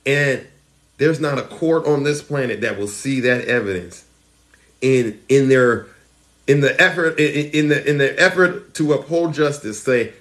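Hosting a political commentary show, a man addresses his viewers theatrically, lurching from shouted outbursts to hushed, mock-solemn asides. His voice is medium-pitched and creaky, and he talks a little slowly.

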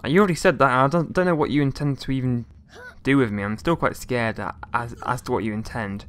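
A man's voice: mid-range voice, fast talker, a bit bright, smooth. A man giving casual gameplay commentary, rambling along with jokey, mock-outraged asides and mild swearing. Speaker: let's play gamer.

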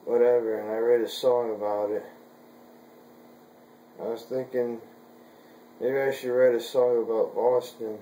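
A man's voice: mid-range voice, little pitch movement, measured pace, pauses often, dark tone, roomy sound, a little hiss or hum, rough recording. A man vlogging from home in a casual, frustrated way, swearing at gear that won't work.

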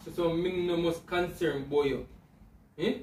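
A Jamaican man with a high voice, lecturing and insistent, stumbling over repeated words. He sounds far from the mic in an echoey room. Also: steady tone, moderate pace, darkish tone, slight background noise. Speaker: vlogger husband. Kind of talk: casual couple argument.

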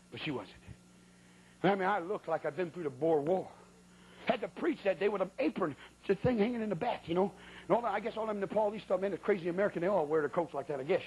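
Folksy high-voiced preacher telling a story. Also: male voice, a little mellow, slight background noise, poor audio. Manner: folksy, colloquial, with sudden exclamations. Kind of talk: humorous sermon storytelling.

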